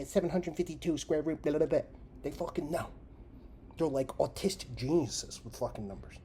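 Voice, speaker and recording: A man hosting a podcast, delivering a sarcastic, profane comedic rant that jumps from loud jabs to muttered asides. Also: medium pitch, a little hiss or hum. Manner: animated, sarcastic, heavy swearing, trails into mutters and whispers. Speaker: podcast host.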